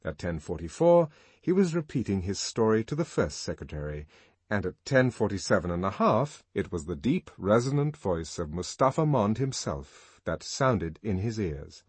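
A man narrating a novel in a measured, expressive audiobook reading. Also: fairly low pitch, slightly rough, no echo. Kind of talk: scripted narration.

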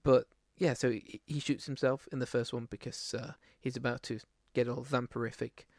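A man's voice: medium pitch, steady tone, normal speed, creaky, a little mellow, no room sound, studio quality. A man co-hosting a podcast, chatting casually about films in a rambling way, full of restarts and fillers. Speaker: podcast co-host. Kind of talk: casual film chat.

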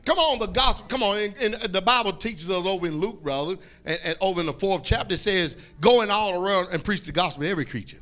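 A man preaching a fiery sermon, repeating phrases, calling for responses and breaking into shouts. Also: high-pitched, quick pace, few pauses.

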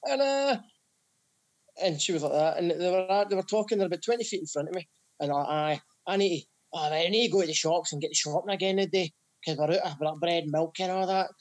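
A man's voice: high-pitched, quick pace. A Scottish man co-hosting a podcast, telling stories in casual chat. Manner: storytelling, chatty. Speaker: podcast co-host.

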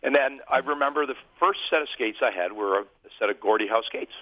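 A former hockey goalie, speaking briskly in a mid-range voice, shares humorous, self-deprecating stories as a guest in a casual interview. The line sounds tinny, like a phone.

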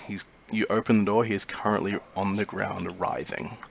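A man narrating a tabletop role-playing game as game master, describing scenes in a calm, measured way. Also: fairly low pitch, vocal fry, a little hiss or hum.

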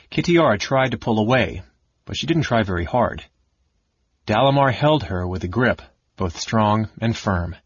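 A man narrating a fantasy audiobook with a steady storytelling delivery. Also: on the low side, slightly rough, no room sound. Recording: dull, dry lo-fi audiobook recording.

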